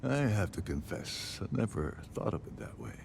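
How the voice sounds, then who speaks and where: A wry, resigned old ex-captain. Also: male voice, lowish voice, sing-song, vocal fry, noisy background. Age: older. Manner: wry, sardonic, measured. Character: older male jailed ex-captain, dry and resigned. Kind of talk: game character dialogue.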